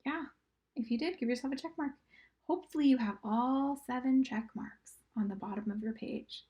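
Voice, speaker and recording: A high-pitched woman with a warm tone patiently teaches young children to read and write in a recorded lesson. She encourages them, sounds out words slowly, and at times lowers her voice to a whisper.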